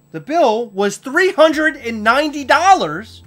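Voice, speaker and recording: A man hosting a podcast, telling a story in a casual, animated way with sudden loud outbursts. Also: sits high, moderate pace, faint music behind. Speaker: podcast host.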